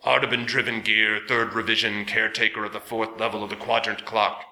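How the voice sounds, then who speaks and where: Man playing a gravelly, slow-intoning elder of a stern council, bright edge, echoey room. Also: lowish voice, little pitch movement. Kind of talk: audiobook character voice.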